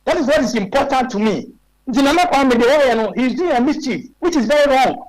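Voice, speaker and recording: On a radio talk show, a Ghanaian guest in his forties argues his point emphatically with a string of rhetorical questions. His voice is very high-pitched and animated, and he speaks a little fast. The recording quality is low.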